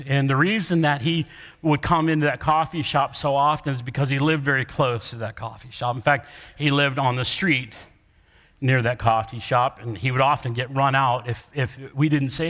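A man's voice: mid-range voice, fairly even intonation, moderate pace, a bit bright. A middle-aged man preaching a sermon in a church, conversational and joking with his congregation as he tells a story. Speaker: pastor. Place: church sanctuary. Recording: long hall reverb.

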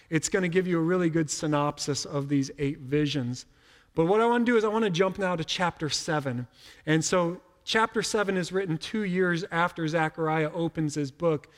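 Man preaching in a reverberant church. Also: on the high side. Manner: conversational, repeats words when starting sentences. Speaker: pastor. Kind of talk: sermon.

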